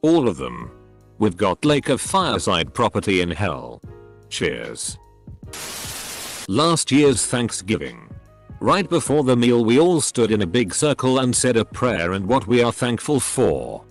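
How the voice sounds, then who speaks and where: A man reading short stories aloud in a steady, scripted narration style. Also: medium pitch, normal speed, soft background music.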